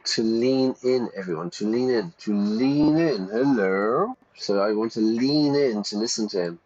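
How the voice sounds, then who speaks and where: A man's voice: fairly low pitch, a little slow, darkish tone, muffled recording. A British or Irish man teaching English while reading game dialogue aloud and explaining phrases. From Britain or Ireland.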